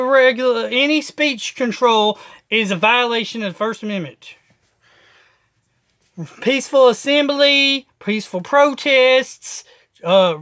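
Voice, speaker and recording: A man's voice: very high-pitched, pushed and bright, clear, resonant tone. A man hosting a video and delivering an emphatic, profane political rant full of repeated slogans. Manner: emphatic, profane, repetitive ranting. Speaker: video host.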